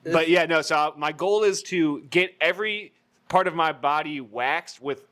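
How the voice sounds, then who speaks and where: A man co-hosting a podcast, trading loud, profane banter and laughing often. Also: a little high, normal speed. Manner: laughs a lot, swears freely. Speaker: podcast co-host. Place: indoors in a warm room.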